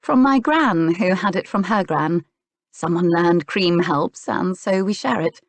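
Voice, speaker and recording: A woman's voice: fairly low pitch, a little slow, no echo. A woman voicing a bold, outspoken young village healer in an audiobook, spirited and pointed. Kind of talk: audiobook character dialogue.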